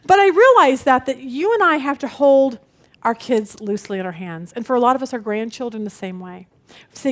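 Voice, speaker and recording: A middle-aged woman with a high voice leads a Bible study lesson. She tells stories from her family life with lively expression and slips into the voices of the people in them. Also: brisk.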